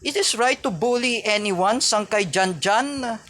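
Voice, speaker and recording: A man's voice: high-pitched, a bit bright. A man with a Filipino accent, a vlogger ranting angrily and repetitively at a rival, stressed and insulting. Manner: angry, repetitive, insulting rant with frequent pauses. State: stressed and angry. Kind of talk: angry ranting vlog.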